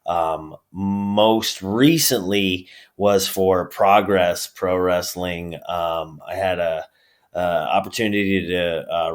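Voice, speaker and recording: A man from upstate New York with a New York accent, a wrestler chatting as a guest in an easygoing, halting way. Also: sits low. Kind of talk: casual interview chat.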